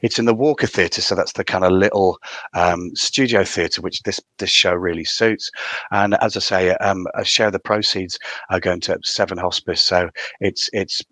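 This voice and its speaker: Male guest, North East English accent, low-pitched, chatty podcast interview, dry close sound. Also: steady tone, normal speed, pushed and bright, no echo. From North East England. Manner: chatty, restarts sentences. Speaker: theatre director guest.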